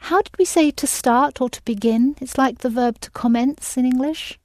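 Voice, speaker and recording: A woman's voice: high-pitched, normal speed, darkish tone, no room sound. A woman teaching an audio language lesson, patiently prompting and correcting her students.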